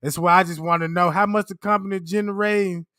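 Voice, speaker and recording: A man's voice: sits high, fairly even intonation, quick pace, sharp tone. A man voicing an overly polite, cheerful grown man in a suit, full of exaggerated small talk. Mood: businesslike.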